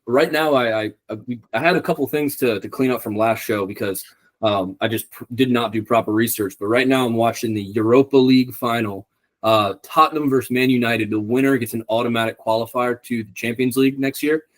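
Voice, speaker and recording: A man's voice: mid-range voice, steady tone, a little fast. A young man co-hosting a podcast in casual chat, rambling with lots of ums and swearing freely. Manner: rambling, profane, many ums. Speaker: podcast co-host.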